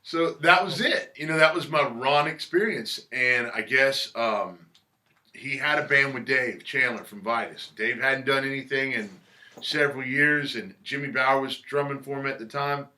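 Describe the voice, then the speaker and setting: In a record shop, a musician guest tells stories in a laid-back interview, swearing freely and acting out what other people said. His medium-pitched voice has a sharp tone and a moderate pace.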